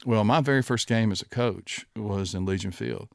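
A man in his sixties, a former football coach and the guest, telling lively stories from the sidelines and acting out the voices in them. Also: lowish voice, moderate pace, gravelly, dry recording, clean studio sound. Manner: animated anecdote-telling, acting out quoted voices. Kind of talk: casual storytelling.

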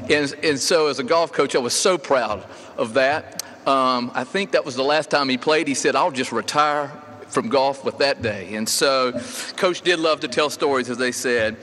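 Speaking at medium pitch and a moderate pace, this middle-aged man has a somewhat bright voice. He's a golf coach giving a story-filled memorial tribute that wanders, with plenty of fillers and restarts, captured in a reverberant hall with faint ambient sound.

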